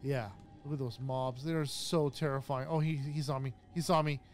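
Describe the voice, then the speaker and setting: A man casually narrating his own gameplay, chatty and jumpy, easily startled and quick to laugh at himself. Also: mid-range voice, fairly even intonation, soft background music. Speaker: gaming YouTuber. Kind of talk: casual let's-play commentary.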